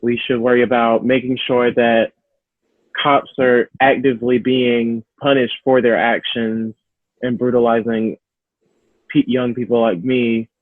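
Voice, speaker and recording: A man's voice: mid-range voice, little pitch movement, unhurried, no room sound, narrow, tinny audio. A teenage boy speaking thoughtfully and earnestly as a guest in a discussion. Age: teens. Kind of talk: casual discussion.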